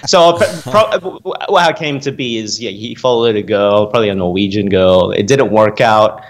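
A man's voice: lowish voice, animated, moderate pace. A man co-hosting a podcast, telling a rambling story in casual chat, swearing and laughing often. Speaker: podcast co-host.

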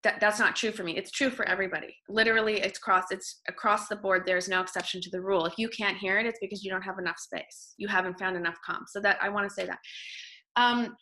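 Bright-voiced woman guest telling her story. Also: mid-range voice. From Canada. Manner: animated storytelling, quick restarts. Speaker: podcast guest, author. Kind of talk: casual interview talk.

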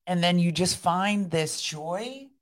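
A woman's voice: lowish voice, animated, slow pace. A woman co-hosting a podcast, telling her faith story in an earnest, reflective way. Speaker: podcast co-host. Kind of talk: casual faith conversation.

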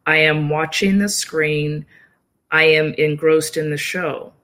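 A woman guest in an interview, talking calmly and explaining at length, now and then acting out short quoted thoughts. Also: deep voice, slow. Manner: calm, explanatory, acts out little quoted inner voices. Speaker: yoga nidra practitioner and guest. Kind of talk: casual interview conversation.

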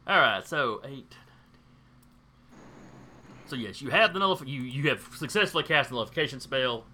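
A man's voice: medium pitch, expressive, moderate pace, pushed and bright. A man running a tabletop game as game master, reading out rules plainly and asking players for rolls. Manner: reads rules aloud, plain and matter-of-fact.

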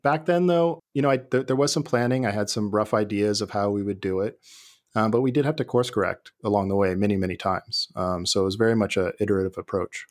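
A man being interviewed, talking in a relaxed, thoughtful way with many fillers and restarts. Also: lowish voice, quick pace. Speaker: guest, former IT leader. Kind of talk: conversational interview.

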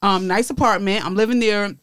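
A woman's voice: mid-range voice, fairly quick, no echo, studio quality. A young woman comedian telling stories on a podcast, acting out the people in them. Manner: animated, acts out the people in her stories. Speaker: comedian guest. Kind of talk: casual podcast storytelling.

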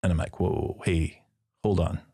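A man's voice: low voice, flat delivery, unhurried, dark tone, husky. A man, a priest and podcast guest, telling a personal story in casual conversation and acting out the dialogue with playful asides. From Midwestern United States.

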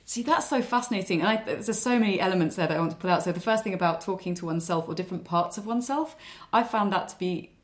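A woman hosting an interview podcast, speaking in a measured, thoughtful way and building up long reflective questions. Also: medium pitch. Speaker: podcast host.

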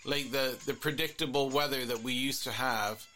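Bright-voiced musing male therapist. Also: medium pitch, steady tone, normal speed, soft background music. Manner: musing, repetitive, earnest. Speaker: couples therapist and podcast host. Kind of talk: reflective solo monologue.

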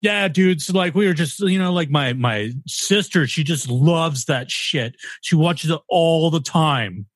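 A man putting on a loud, crude California guy who swears and rambles. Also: a little high, a little slow, few pauses, no room sound, studio quality, pitched above the performer's own voice. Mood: rowdy.

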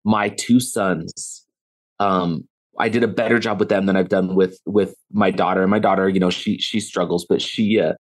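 A middle-aged man, a guest on a podcast, talking earnestly and telling stories with lively quoted dialogue. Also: low voice, moderate pace. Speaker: podcast guest, author and speaker. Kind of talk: conversational interview.

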